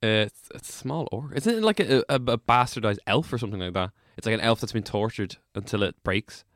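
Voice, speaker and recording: A man's voice: on the low side, animated, a little fast, fairly bright tone, no echo, studio quality. A man with a Dublin Irish accent, co-hosting a podcast in casual, rambling, jokey banter. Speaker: podcast co-host. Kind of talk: casual chat.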